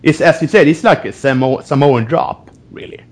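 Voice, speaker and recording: A man's voice: fairly high pitch, moderate pace, slightly rough. A man in a casual podcast chat, repeating words as he talks and laughing often. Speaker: podcast co-host.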